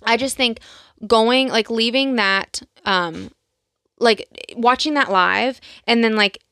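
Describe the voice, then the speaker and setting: Young woman podcast co-host, smooth clear voice, chatty and filler-heavy, dry close sound. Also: fairly high pitch, slow pace, fairly bright tone, no echo. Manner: chatty, frequent "like" fillers, retelling scenes. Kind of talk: casual chat.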